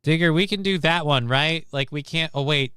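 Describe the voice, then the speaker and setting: A man hosting a live stream who wanders off into sarcastic, rambling asides about the news. His voice is smooth and clean, and he sits close to the mic in a completely dead, dry space with no room sound. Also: fairly high pitch, normal speed, sharp tone, no room sound. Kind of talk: casual news commentary.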